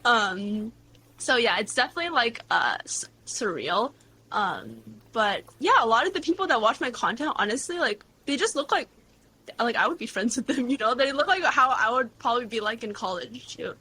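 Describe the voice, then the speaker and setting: A woman in her twenties, a guest creator, chatting casually in an interview with lively storytelling and lots of fillers. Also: on the high side, a little fast, slightly rough. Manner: bubbly, animated storytelling with frequent "like" and laughs.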